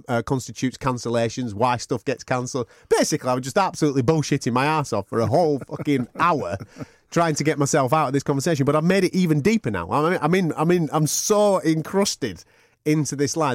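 A man's voice: medium pitch, fast, no echo, studio quality. A man, co-hosting a podcast and telling a long sweary anecdote in casual chat. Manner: animated anecdote with sweary banter and laughter. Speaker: podcast co-host.

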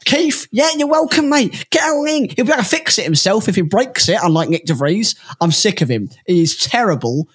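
A man with a slightly husky voice holds forth on a chatty podcast. He rants, teases and pokes fun, his pitch leaping up and down as he goes. It is casual, animated banter among friends. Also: fairly quick, few pauses. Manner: ranting, mocking, animated. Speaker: podcast co-host. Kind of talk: casual chat.

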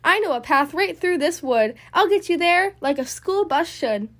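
A woman's voice: very high-pitched, animated, moderate pace. Little Blue, as a woman puts on a cheerful little truck. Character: small brave male blue truck, cheerful and kind.

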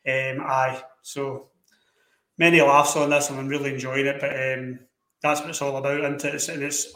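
A Scottish man talks easygoing podcast chat and makes fun of himself. His voice is bright but his pitch stays flat. He sounds like he is in an echoey room with a faint hiss behind him. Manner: easygoing, self-mocking. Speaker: podcast co-host. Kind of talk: casual chat.

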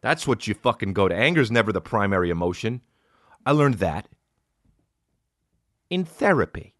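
A man's voice: sing-song, normal speed, no room sound. Swearing dude rambling on his podcast, voice all over the place, dry close sound. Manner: rambling, swears constantly, jumps to loud high outbursts. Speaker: podcast host. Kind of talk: profane casual monologue.

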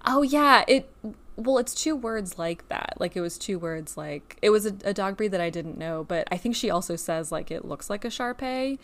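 A woman's voice: medium pitch, expressive, normal speed, a bit bright. A woman co-hosting a casual book podcast, recapping a story in a chatty way with lots of filler words. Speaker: podcast co-host.

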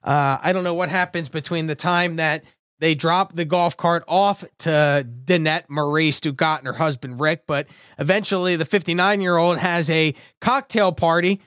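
A man with a high voice hosts a casual comedy show from his bedroom. He tells stories animatedly, often laughing mid-sentence. The sound is close and dry. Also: normal speed, smooth, dry recording. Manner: animated storytelling, frequent laughing asides. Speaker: host.

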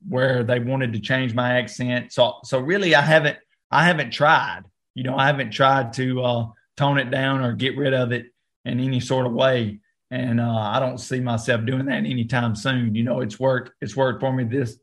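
Relaxed Southern American man. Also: medium pitch. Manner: relaxed, many fillers and restarts. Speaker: actor, podcast guest. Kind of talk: interview, casual talk.

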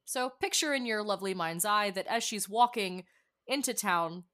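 A bubbly woman player describes her character's moves with theatrical relish and talks directly to the listeners. Her voice sits at an ordinary middle pitch. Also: expressive, moderate pace, a bit bright. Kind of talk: tabletop game player chat.

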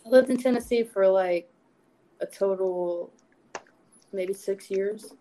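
A woman's voice: mid-range voice, slow pace, warm tone, low-quality recording. A young woman from Texas with a light Texan accent, chatting casually on a podcast. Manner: chatty, laughs at herself, lots of likes. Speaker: podcast guest. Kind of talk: casual chat.

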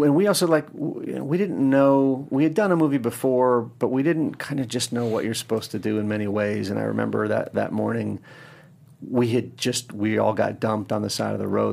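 A man's voice: fairly low pitch, vocal fry, darkish tone. A man telling stories as a filmmaker guest in casual chat, rambling and restarting, laughing and acting out quotes.

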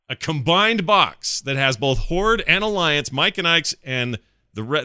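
A man hosts a gaming podcast in loose, enthusiastic chat, joking and rambling. His voice is bright and crisp, and he is recorded close and dry in a small studio. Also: on the high side, no room sound. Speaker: podcast host.

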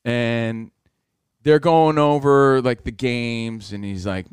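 A man's voice: medium pitch, slow pace, smooth, dry recording, clean studio sound. A man telling a long story in casual chat, acting out the people in it and swearing freely. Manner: animated, acts out voices, swears.

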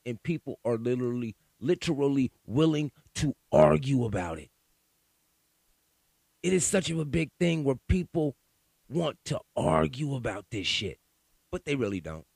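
A man's voice: medium pitch, gravelly, no room sound. A man from California hosting a podcast, ranting in a profane, worked-up monologue and often repeating words as he goes. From Sacramento, California. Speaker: podcast host.

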